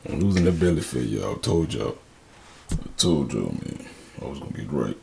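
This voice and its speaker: A young man vlogging his morning routine in a casual, slangy and rambling way, his voice husky and groggy from just waking up. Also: very deep voice, expressive, moderate pace, background noise. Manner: slangy and rambling, self-correcting. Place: home bathroom. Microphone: camera on a tripod.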